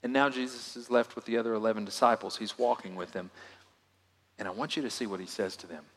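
A man's voice: lowish voice, steady tone, fast talker. Man preaching in a reverberant hall. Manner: dynamic delivery, swinging from loud emphasis to hushed asides. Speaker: pastor. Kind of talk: sermon.

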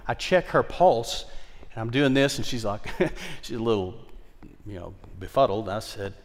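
A man pastor with a Southern twang preaches with passion, his voice at a middle pitch. He rises into fired-up exhortation, then drops to a hushed storyteller's tone. The sound carries a long hall reverb. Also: animated, moderate pace. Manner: impassioned, shifts between loud exhortation and hushed storytelling. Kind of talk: sermon. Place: church sanctuary.

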